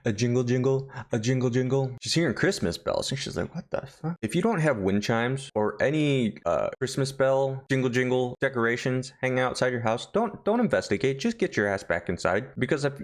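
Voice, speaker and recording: A man tells a horror story recap in a loose, jokey way, with plenty of cursing. His pitch sits in a middle range. He sounds animated and playful throughout. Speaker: horror film reviewer. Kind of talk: casual comedic plot recap.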